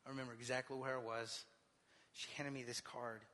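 A man preaching a sermon as pastor. He moves from quiet personal storytelling into fervent, rising exhortation. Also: mid-range voice, flat delivery, fairly quick, long reverb tail.

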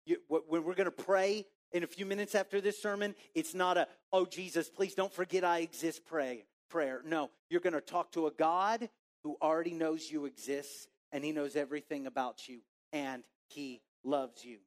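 Joking, animated male pastor. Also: on the high side, moderate pace. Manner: animated, joking, acts out muttering crowd voices. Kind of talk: sermon. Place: church.

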